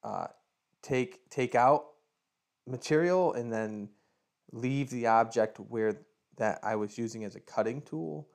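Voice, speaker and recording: A man's voice: medium pitch, takes it slowly, a little mellow. A man co-hosting a casual podcast, joking around and explaining his project step by step. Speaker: podcast co-host.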